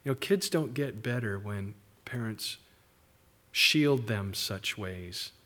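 A middle-aged man preaching a sermon, animated, slipping into quick mock voices for the people in the story. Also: fairly low pitch. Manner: animated preaching, mimics characters in asides. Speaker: pastor.

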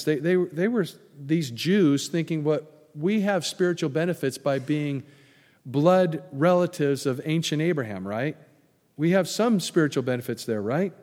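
Pastor guy preaching, gets loud and punchy then goes soft, big echoey hall. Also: fairly high pitch, a little slow. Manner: animated, rising to loud emphatic peaks then dropping to soft prayer. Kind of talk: sermon. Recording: long hall reverb.

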